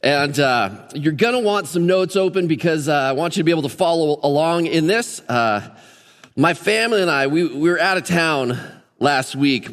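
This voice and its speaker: A man's voice: fairly high pitch, a bit bright, big-room sound. A man in his fifties, a lead pastor giving a casual, joking sermon with many fillers in a church auditorium.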